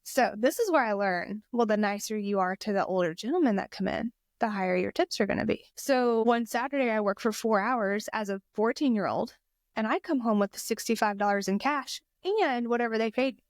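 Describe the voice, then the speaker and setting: A woman's voice: fairly high pitch, expressive, no room sound, clean studio sound. A middle-aged woman from Georgia with a Southern accent, telling stories as a guest in a casual chat. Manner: chatty storyteller, drawn-out pauses.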